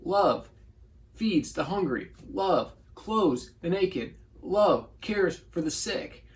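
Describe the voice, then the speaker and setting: A man's voice: high voice, expressive, takes it slowly. A male pastor giving a short devotional sermon in an earnest, conversational way, reading scripture and voicing quotes.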